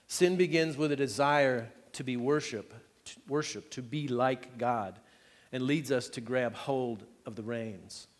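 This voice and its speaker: A man's voice: mid-range voice, unhurried. Preaching man in a reverberant hall. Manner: conversational preaching with jokes and frequent rhetorical checks to the congregation. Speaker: pastor. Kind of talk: sermon.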